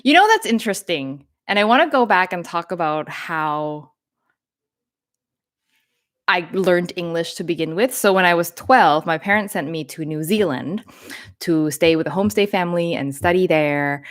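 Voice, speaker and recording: A woman's voice: fairly low pitch, moderate pace. A woman from Thailand with a North American accent, Thai her first language, chatting and laughing as host of a live Q&A. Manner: chatty, laughing, lively storytelling. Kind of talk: live Q&A chat.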